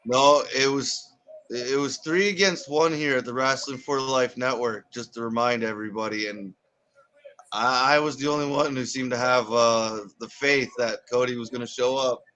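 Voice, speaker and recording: A hoarse man co-hosting a live watch party, calling moves like a mock announcer. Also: mid-range voice, moderate pace, a bit bright, poor audio. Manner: mock announcer asides, addresses folks. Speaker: co-host. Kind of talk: casual live reaction chat.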